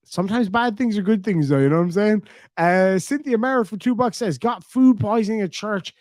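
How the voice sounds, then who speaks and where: An Irish man hosting a livestream, reading out super chats in casual chat, swearing freely and thanking donors warmly. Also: high-pitched, a little fast, dry recording, clean studio sound.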